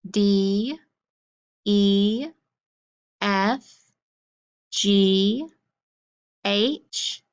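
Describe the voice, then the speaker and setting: A woman's voice: medium pitch, clean tone, dull audio. A woman teacher leading a phonics drill, saying sounds and letters one at a time. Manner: slow, deliberate letter-by-letter recitation.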